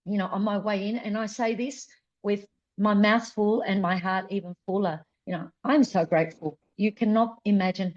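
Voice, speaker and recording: A woman's voice: mid-range voice, steady tone, moderate pace, lo-fi sound. A woman in her fifties, a flamenco dancer guest, talking earnestly and repeating words for emphasis in an interview. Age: 50s. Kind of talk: conversational interview.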